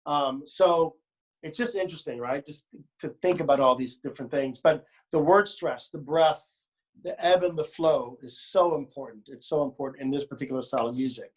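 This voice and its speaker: Leading choir rehearsal, a man with a highish, breathy-edged voice speaks at a moderate pace. He coaches word stress and pronunciation, sings and speaks phrases as models, and jokes around along the way.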